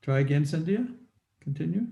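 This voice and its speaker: A man's voice: on the high side, lively intonation, a little fast, creaky, mellow, muffled recording. A man presenting at a webinar over a video call, politely checking whether others can hear him. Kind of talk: live video call talk. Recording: echoey room over a call.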